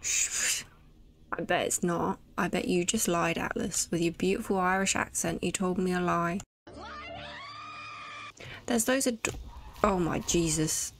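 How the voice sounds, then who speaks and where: A woman's voice: lowish voice, unhurried, long pauses, raised voice. A woman giving chatty, jokey commentary while playing a game, often talking to herself. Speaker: let's play gamer. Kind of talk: casual gameplay commentary.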